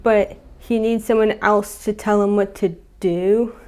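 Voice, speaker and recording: In a smooth, slightly mellow mid-range voice, steady and unhurried, a young video creator retells a cartoon plot. She rambles casually, fills it with fillers, and chuckles every so often.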